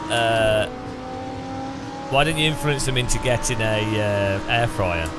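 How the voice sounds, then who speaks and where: A man's voice: medium pitch, measured pace, very noisy. A man joking through live racing-game commentary, greeting chat and poking fun at himself. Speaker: gaming streamer.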